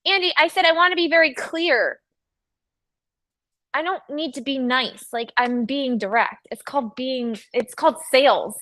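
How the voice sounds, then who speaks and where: A woman's voice: high-pitched, bright, forceful tone. A woman hosting a casual livestream from a studio, chatting and teasing with viewers and crew, often laughing. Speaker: livestream host. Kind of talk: casual chat with live viewers.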